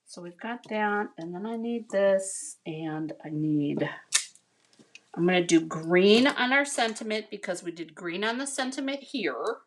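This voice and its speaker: A woman's voice: mid-range voice, lively intonation, a little slow. American woman crafter, leisurely and chatty, talks viewers through a stamping demo. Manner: chatty, talks to viewers as you guys and honey. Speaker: card-making instructor. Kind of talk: casual craft tutorial.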